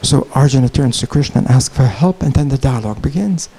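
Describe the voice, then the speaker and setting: A man giving a conference keynote lecture, telling a story in an animated, digressive way. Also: mid-range voice, fast, slightly rough, low-quality recording. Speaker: keynote speaker. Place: conference hall, Chicago.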